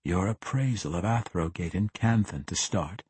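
A man voicing a cold, menacing assassin in a fantasy audiobook, speaking in a calm, measured, threatening way. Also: deep voice, husky, no room sound. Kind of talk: audiobook character voice.

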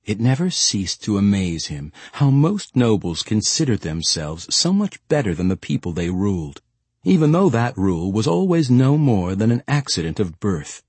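Husky low-voiced male narrator. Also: dry recording. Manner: expressive, measured storytelling. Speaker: audiobook narrator. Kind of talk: scripted fantasy narration.

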